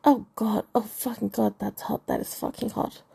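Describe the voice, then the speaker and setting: A woman's voice: fairly high pitch, fairly even intonation, moderate pace, gravelly, mellow, husky, exaggerated voice. A woman voicing a crude, teasing young woman who is the narrator's assistant and best friend, blunt and unfazed. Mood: teasing, brash.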